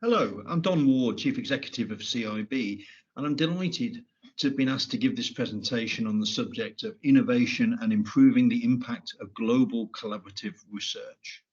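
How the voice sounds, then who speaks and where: A middle-aged man giving a prepared keynote at a conference, speaking in a measured way with frequent restarts and repeated words. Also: medium pitch, breathy edge, dull audio.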